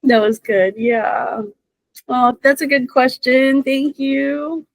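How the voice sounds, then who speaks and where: A woman intuitive reader in casual podcast chat, expressive and encouraging, laughing often. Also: sits high, slow pace, no room sound, poor audio.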